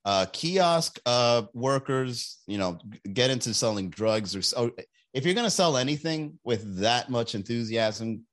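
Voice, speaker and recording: A man's voice: mid-range voice, lively intonation. Joking rambling young man podcasting. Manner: joking, rambling, acts out others in quick put-on voices. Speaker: podcast host. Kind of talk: casual livestream podcast chat.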